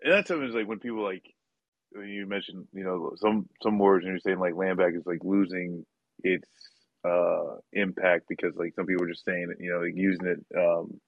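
A man hosting a podcast, talking casually with many pauses, restarts and light laughs. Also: sits low, fairly even intonation, gravelly, no echo. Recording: slightly dull, dry audio.

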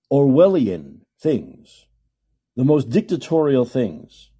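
Animated ranting male podcast host. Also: fairly high pitch, breathy edge. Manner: ranting, emphatic and repetitive. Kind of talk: call-in podcast commentary.

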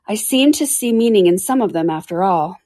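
A woman voicing a fussy, muddled old king who mutters and gets excited while judging a trial in a storybook. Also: medium pitch, fairly quick, close to an everyday voice.

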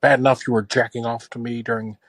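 A man playing a quiet, prim actress calling in, murmuring low and polite. It is an improvised comedy bit. Each line ends on a courteous "sir", set against a dry close mic. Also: level tone, fast, dry recording, low-quality recording. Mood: prim, hushed. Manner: hushed, politely insistent, keeps adding "sir". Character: soft-spoken actress caller, prim and polite, says "sir".

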